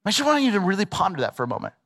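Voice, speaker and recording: A middle-aged male pastor preaching a sermon in a lively, conversational way with playful asides. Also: high-pitched, very fast. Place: large church hall. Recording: long reverb of a large hall.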